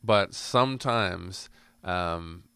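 A man's voice: low-pitched, drawn-out words, bright, forceful tone, clean tone, no room sound. A man co-hosting a board game podcast, chatting casually and thoughtfully, rambling with restarts. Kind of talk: casual chat.

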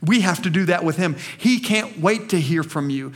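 A man with a notably high voice preaches with fervor from the pulpit of a small church. He talks emphatically, stumbles over repeated words as he pushes his point, and keeps calling on the congregation to respond. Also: lively intonation, normal speed. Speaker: pastor. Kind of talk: sermon.

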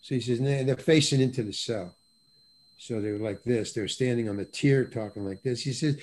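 An older man, a guest actor on a video call podcast, telling an animated anecdote with many restarts and acted-out voices. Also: mid-range voice, fairly quick, slight background noise. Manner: lively, acts out other people's voices, repeats and restarts words.

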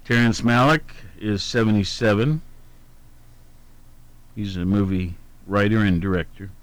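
With a lowish voice, fairly even intonation, and a measured pace, a man reads a daily almanac on his radio show, recorded without echo. He wanders through the anniversaries and birthdays, filling gaps with hummed syllables and fixing his own slips out loud.

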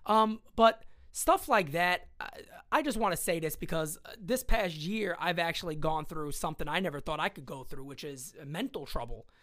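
A man co-hosting a casual sports podcast, talking in an animated way and jumping up in pitch when he gets excited. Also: normal speed. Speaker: podcast co-host.

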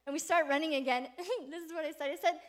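A woman giving a sermon, telling a personal story with animated delivery and frequent laughter before turning to an earnest call. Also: high-pitched, quick pace.

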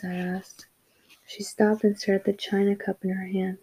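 A woman narrating a story in a steady, even reading voice. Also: mid-range voice, moderate pace, breathy edge, poor audio. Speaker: audiobook narrator. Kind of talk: scripted narration.

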